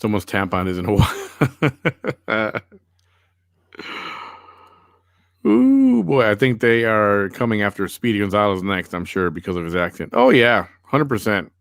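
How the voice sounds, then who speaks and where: Low-voiced wry male podcast host. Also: very animated, takes it slowly, gravelly, long pauses, no room sound, studio quality. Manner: wry, sarcastic. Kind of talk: casual chat reading viewer comments.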